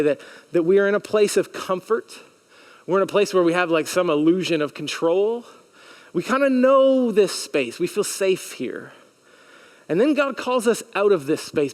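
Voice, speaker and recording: Male pastor, high voice, easygoing earnest sermon delivery with lively audience call-outs. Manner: conversational and earnest, acts out inner questions; animated, with audience call-and-response. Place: church sanctuary.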